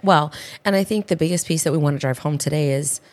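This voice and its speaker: Woman, health podcast co-host, low voice, emphatic and chatty. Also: darkish tone. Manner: emphatic, lists points in quick runs. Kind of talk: casual podcast chat.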